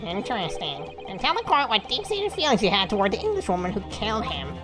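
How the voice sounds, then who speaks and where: A woman voicing a stern, haughty male prosecutor in a courtroom game, reading with a slow, formal, accusing delivery. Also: mid-range voice, wildly swooping pitch, music in the background, voice pushed up.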